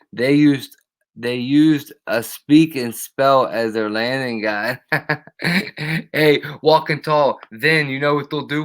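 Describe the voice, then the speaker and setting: A man running a live stream in a loose, profane rant that wanders from point to point. His voice sits at an ordinary middle pitch, and he keeps breaking off to call out to people in his chat. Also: fairly bright tone. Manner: profane, rambling, greets chatters by name.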